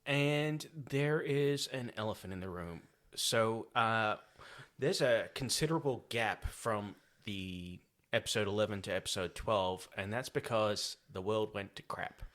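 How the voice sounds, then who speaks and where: A man's voice: lowish voice, a little slow, a bit bright. An Australian man hosting a casual film-chat podcast, chatty and joking as he talks through the episode. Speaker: podcast host.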